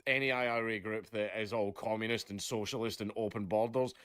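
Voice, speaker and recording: A man's voice: fairly low pitch, fairly even intonation, fairly quick, fairly bright tone, smooth, no room sound, clean studio sound. A man ranting casually on a live stream, rambling and leaning on filler words, swearing often. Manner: rambling, leans on "basically" and "right?", swears a lot.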